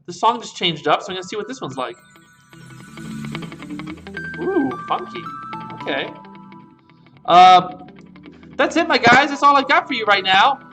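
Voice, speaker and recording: An easygoing, chatty host opening a comedy theater livestream. The voice is bright and sits at a middling pitch, with faint music playing behind. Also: expressive, fairly quick, long pauses. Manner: easygoing, chatty, plugging classes. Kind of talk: casual livestream intro.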